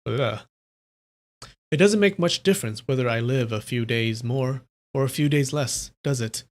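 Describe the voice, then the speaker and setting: A live-stream reader voicing a wounded young swordsman who speaks gently and with resignation. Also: medium pitch, lightly acted. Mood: resigned. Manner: urging gently, quick and resigned. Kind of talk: live novel reading.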